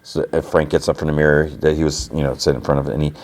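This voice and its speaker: A man's voice: a bass voice, flat delivery, racing, darkish tone. A man hosting a podcast, casually recapping a TV episode in a rambling way with lots of fillers. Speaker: podcast host.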